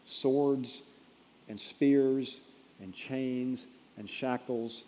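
A man's voice: mid-range voice, steady tone, drawn-out words, a little hiss or hum. Man preaching in a big echoing hall. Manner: storytelling, building to emphatic peaks then dropping quiet. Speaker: pastor. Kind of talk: sermon. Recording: long reverb of a large hall.

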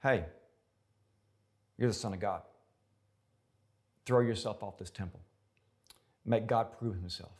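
A man's voice: lowish voice, takes it slowly, pauses often. A man voicing the devil as a sly male tempter, needling his listener with mocking questions. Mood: taunting.

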